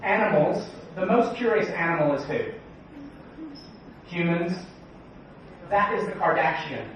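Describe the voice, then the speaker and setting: A man giving a joking, energetic conference talk and quizzing the audience. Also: sits high, unhurried, noisy background. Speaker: conference speaker. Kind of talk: keynote talk. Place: large conference hall. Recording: echoey hall, distant, dull sound.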